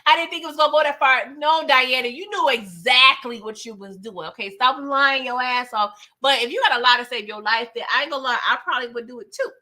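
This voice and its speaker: A woman's voice: on the high side, brisk, hardly any pauses, sharp tone. A woman hosting a live recap of a TV episode, talking in casual, slangy chat with plenty of laughs and playful sass. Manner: slangy, laughs often, playful sass, acts out quoted dialogue. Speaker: TV recap host.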